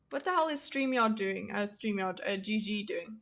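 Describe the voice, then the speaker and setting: A woman's voice: medium pitch, normal speed, a bit bright. A young woman hosting a casual livestream, chatting with her viewers in a self-deprecating way and laughing often. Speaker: livestream host. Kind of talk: casual livestream chat reacting to chat.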